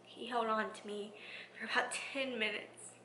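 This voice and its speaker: A woman schoolteacher talking in a reflective vlog, soft and heartfelt, often dropping to a near whisper. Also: fairly high pitch, fairly even intonation, normal speed, slight background noise. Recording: echoey room.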